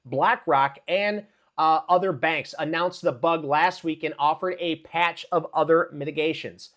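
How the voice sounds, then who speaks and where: A man's voice: fairly high pitch, measured pace, a bit bright. A man hosting a live stock market news stream, greeting viewers by name in a hyped, chatty way. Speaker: livestream market commentator.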